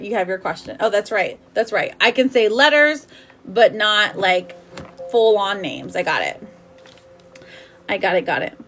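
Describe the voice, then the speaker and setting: A woman with a slightly high, somewhat bright voice reads tarot on a live stream. She's chatty and affectionate, calling viewers sweetheart and babe, saying "like" often and laughing a lot.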